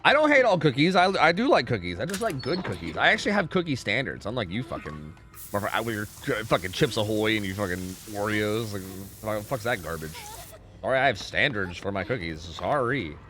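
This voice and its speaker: A man streaming a game live and chatting with viewers, excitable and profane, swinging between loud pleading and low mumbling. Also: fairly quick. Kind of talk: live gaming commentary with chat.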